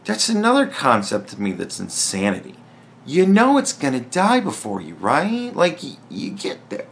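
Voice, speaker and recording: A man's voice: medium pitch, huge pitch swings, normal speed, vocal fry, fairly bright tone. A man talking alone in a casual podcast monologue, blunt and profane, rambling with frequent restarts. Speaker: podcast host.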